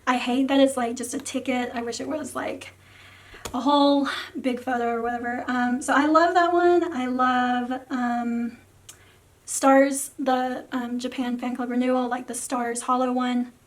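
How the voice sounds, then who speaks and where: A young woman with a sore, tired throat, chatting in a rambling way about her collection, with lots of fillers and soft trailing words. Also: sits high, steady tone, measured pace. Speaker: photocard collecting vlogger. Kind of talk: casual rambling vlog talk.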